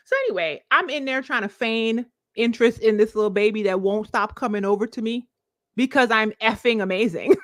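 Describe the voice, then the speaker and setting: Expressive woman in her forties, storytelling. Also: brisk, no room sound, clean studio sound. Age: 40s. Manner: expressive, confiding, laughing storyteller with sudden pitch leaps. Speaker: vlogger, life coach. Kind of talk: candid storytelling to camera, live stream.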